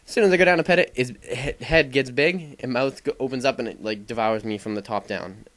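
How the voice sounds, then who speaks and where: A young man talking loosely over gameplay footage in casual voice-over commentary. He rambles along with plenty of filler words and swears freely. His voice sits at an everyday pitch for a man. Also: a little fast, fairly bright tone. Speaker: gaming commentator.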